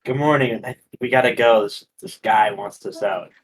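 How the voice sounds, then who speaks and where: A man's voice: mid-range voice, normal speed, breathy edge, lightly acted. A man voicing an earnest young adventurer in a tabletop game, talking with urgency and stumbling over his words. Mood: urgent.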